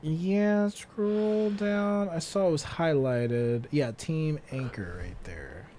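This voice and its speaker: A man's voice: fairly high pitch, warm tone, slight background noise. A man co-hosting a podcast, joking playfully in casual banter. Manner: playful, joking, quick to laugh. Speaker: podcast co-host.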